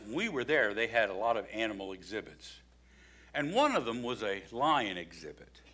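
A man preaching a sermon, lively and expressive, acting out the voices in his story. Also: lowish voice, moderate pace. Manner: animated preaching, acts out quoted voices. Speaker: pastor.

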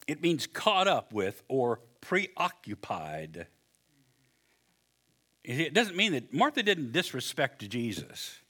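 A man preaching a sermon, animated and joking, acting out the people in his story. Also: medium pitch, slow pace. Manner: animated, acts out voices with humor. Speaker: pastor.

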